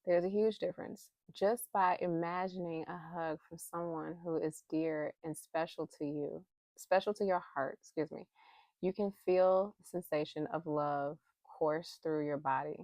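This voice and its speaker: A woman's voice: deep voice, steady tone, moderate pace, darkish tone, no echo. A woman talking casually to her camera about faith and emotions, heartfelt and candid, with bursts of emphatic pleading. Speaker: spiritual vlogger drawing inspiration cards. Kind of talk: casual spiritual talk to camera. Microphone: phone camera held close.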